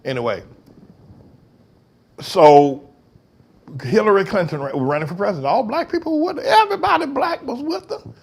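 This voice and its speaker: A man with a high, wildly swooping voice hosts a talk show in a heated monologue. He talks in loose slang, mocks freely and climbs into shouting bursts. The whole delivery is fiery and restless. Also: big pitch swings, normal speed, vocal fry, long pauses, slightly rough.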